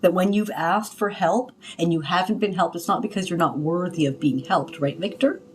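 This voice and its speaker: A woman's voice: fairly low pitch, moderate pace. Rambling woman healer on a live stream. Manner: rambling and confiding, many restarts and fillers, loud cries when acting out others. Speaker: spiritual healer on a livestream. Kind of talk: casual livestream talk. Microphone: phone.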